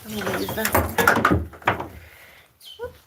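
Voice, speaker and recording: A woman's voice: medium pitch, very animated, slow, gravelly, very noisy. A woman chatting casually in a vlog while caring for her farm animals, talking sweetly to them. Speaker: animal vlogger.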